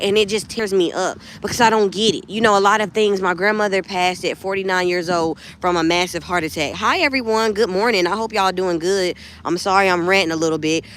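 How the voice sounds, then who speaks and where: A woman's voice: medium pitch, a little hiss or hum. A woman hosting a casual livestream, rambling and heartfelt as she talks about faith and keeps addressing her viewers. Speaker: lifestyle vlogger hosting a livestream.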